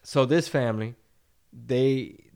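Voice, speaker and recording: A man's voice: mid-range voice, slow, creaky, darkish tone. A young man from Texas co-hosting a podcast, telling stories in a loose, casual way. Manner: laid-back storyteller, acts out voices in anecdotes. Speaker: podcast co-host and comedian.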